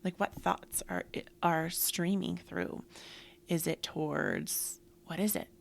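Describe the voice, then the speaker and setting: A middle-aged woman hosting a casual motivational talk, breathy and often dropping into soft whispers, with many filler words. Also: fairly low pitch, sing-song, slow pace. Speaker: yoga podcast host.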